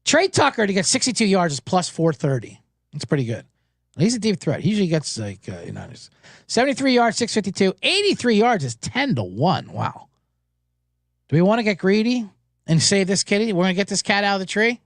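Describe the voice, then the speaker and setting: A man hosting a sports betting show, talking casually and telling anecdotes with quick character voices. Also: sits high, no echo, clean studio sound. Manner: animated storyteller, doing quick voices in anecdotes.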